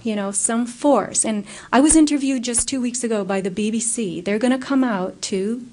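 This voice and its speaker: A woman giving a public talk and answering audience questions, telling stories in an earnest, animated way. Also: a little high, moderate pace, slight background noise. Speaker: guest speaker.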